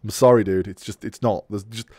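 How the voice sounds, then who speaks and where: A man's voice: on the low side, steady tone, brisk, a little mellow, dry recording, studio quality. A man hosting a podcast in casual chat, ranting bluntly and swearing freely. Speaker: podcast host.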